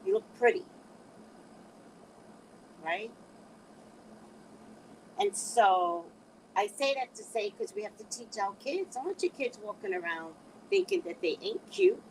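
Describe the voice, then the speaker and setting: A woman's voice: medium pitch, unhurried, long pauses, a little hiss or hum, rough recording. A middle-aged woman giving casual motivational advice, acting out quoted voices as she talks. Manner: animated, quotes others in changing voices. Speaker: speaker giving life advice.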